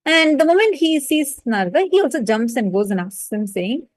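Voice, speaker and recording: Brief: woman teacher, lively devotional storytelling, fairly high voice, dry close sound. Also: normal speed, no echo, poor audio. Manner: animated, hesitant fillers, addresses listeners directly. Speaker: spiritual teacher.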